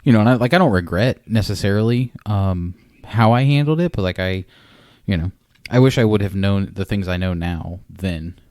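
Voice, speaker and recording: Low-voiced rambling male co-host. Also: a little mellow, no room sound, clean studio sound. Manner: rambling, halting, lots of fillers and swearing. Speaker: podcast co-host. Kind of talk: casual chat.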